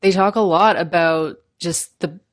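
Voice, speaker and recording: Slow-talking Canadian woman podcast host. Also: lowish voice, steady tone. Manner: chatty and upbeat, laughs between phrases. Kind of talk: casual solo podcast talk.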